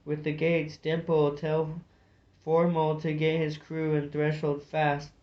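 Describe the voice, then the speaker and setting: A man voicing a bold male otter chieftain in a storybook reading, shouting orders. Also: on the high side, completely flat delivery, slow pace, roomy sound. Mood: commanding. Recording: dull lo-fi recording.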